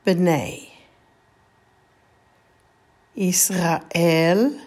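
A woman teaching scripture reading, saying each word slowly and patiently for listeners to repeat. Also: lowish voice, a little mellow. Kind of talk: slow call-and-repeat reading lesson.

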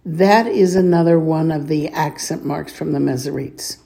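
In a low, dark-toned voice, a patient woman works through a slow reading lesson. She sounds words out carefully, clears her throat frequently, and has the listener echo each one back.

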